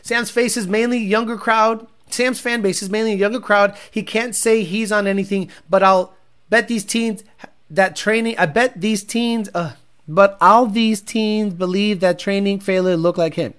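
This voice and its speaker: A man hosting a livestream and reading chat, talking bluntly and profanely, often bursting into loud shouts. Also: high-pitched, fairly even intonation, moderate pace, clear, resonant tone. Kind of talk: casual ranting chat.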